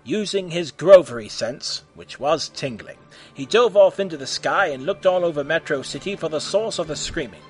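Man, narrator, deadpan, matter-of-fact, comic story, faint music behind. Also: a little high, moderate pace.

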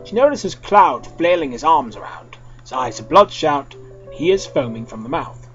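A young man reads a silly story aloud in a playful, dramatic way. His voice sits a little high and swings widely in pitch. The recording is dull and lo-fi, with faint music underneath. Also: normal speed. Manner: switches between character voices, lively and playful. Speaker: reader of fan fiction.

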